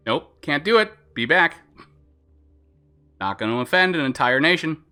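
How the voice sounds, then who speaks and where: A man's voice: fairly high pitch, expressive, normal speed, long pauses, bright, forceful tone, smooth. A man streaming a video game live, chatting in a rambling way, laughing at himself and swearing casually.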